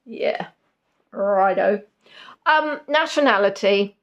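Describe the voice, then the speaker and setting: A woman's voice: mid-range voice, very animated, normal speed. A woman hosting a live-stream quiz in a casual chat, giggly and jokey with rambling asides. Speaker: quiz host.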